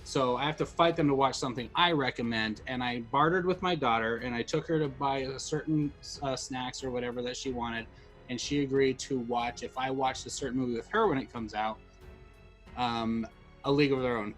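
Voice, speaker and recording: A man's voice: mid-range voice, fairly quick, a bit bright, faint music behind. A middle-aged man co-hosting a podcast, rambling and getting emotional in casual chat, full of restarts. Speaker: podcast co-host.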